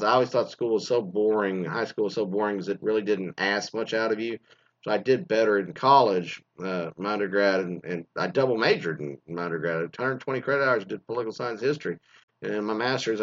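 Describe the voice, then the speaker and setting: A man in his forties rants about the old days, cursing nonstop in a loose, animated storytelling flow. His voice sits at an ordinary middle pitch. The audio is a bit dull and lo-fi. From Mesquite, Texas. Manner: crude, swears constantly, animated storytelling. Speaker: former teacher. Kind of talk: profane casual rant.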